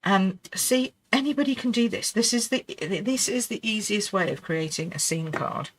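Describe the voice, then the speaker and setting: A woman's voice: mid-range voice, moderate pace. A middle-aged woman hosting a live card-making lesson, chatty and reassuring, laughing often and talking to herself as she works. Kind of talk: live crafting demonstration.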